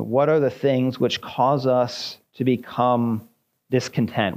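Man preaching a measured expository sermon. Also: medium pitch, a little mellow. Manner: measured teaching delivery with frequent "uh" fillers. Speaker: pastor.

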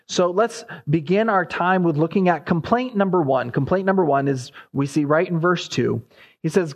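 A man's voice: on the high side, normal speed, dull audio. A man preaching an expository sermon, his voice rising sharply as he voices the prophet's cries.

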